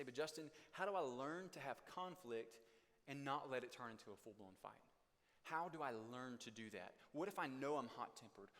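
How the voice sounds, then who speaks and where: A young adult man preaching a conversational sermon, acting out couples' arguments in quick bursts. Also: mid-range voice, a bit bright. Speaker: pastor. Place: church hall. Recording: long hall reverb.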